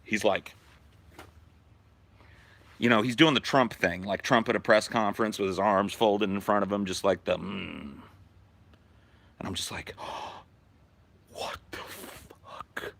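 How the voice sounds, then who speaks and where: A podcast host telling a profane, animated story from his childhood in casual talk. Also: on the low side, a little slow, gravelly, long pauses.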